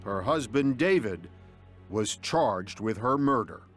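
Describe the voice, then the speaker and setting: A man narrating a true-crime report as a TV news correspondent, with a measured, deliberate delivery. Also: fairly low pitch, lively intonation, soft background music.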